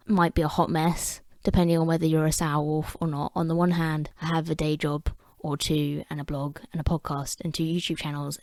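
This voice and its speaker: A woman's voice: low-pitched, a little mellow, no echo. A woman with an English accent talking to camera in a wry, chatty vlog with self-deprecating asides. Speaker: vlogger. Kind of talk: casual talking-head commentary.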